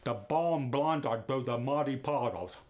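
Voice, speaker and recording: A man doing a heavy Russian accent, slow and clipped. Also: medium pitch, animated, a little mellow, natural voice. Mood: deliberate. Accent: put-on Russian accent. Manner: slow, deliberate, clipped repetition of words.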